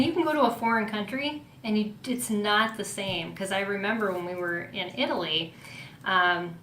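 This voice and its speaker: A woman's voice: mid-range voice, fairly bright tone. A woman hosting a podcast, chatting casually and affirming her guest with short responses and reflective asides. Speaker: podcast host. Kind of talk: casual interview chat. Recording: echoey room with faint noise.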